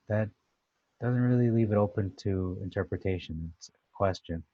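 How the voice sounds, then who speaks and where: A man giving a casual, conversational commentary on a Bible passage, thoughtful and pausing with "uh" as he restarts. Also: lowish voice, dry recording, lo-fi sound. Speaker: Bible teacher.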